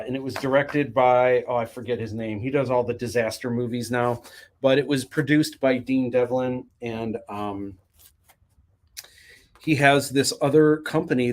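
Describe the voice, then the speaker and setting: Chatty man hosting a livestream. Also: medium pitch. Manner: reads viewer comments aloud and answers chattily. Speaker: livestream host. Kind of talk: casual livestream chat.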